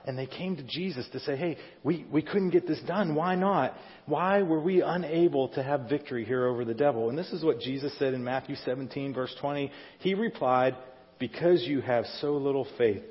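A man's voice: medium pitch, moderate pace. Man preaching in a reverberant church hall. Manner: conversational, asks the congregation questions. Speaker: pastor. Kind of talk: sermon. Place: church sanctuary. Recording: dull sound in a reverberant hall.

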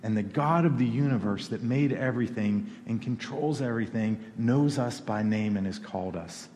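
A man's voice: medium pitch, moderate pace, a little mellow, slight background noise. Man preaching in a reverberant church hall. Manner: conversational, rising to emphatic peaks. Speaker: pastor. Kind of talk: sermon.

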